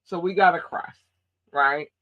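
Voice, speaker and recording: A woman's voice: fairly low pitch, a little slow, narrow, tinny audio. A woman from Baltimore with a Baltimore accent, podcast host in casual chat, talking in an emphatic, blunt and profane way. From Baltimore, USA.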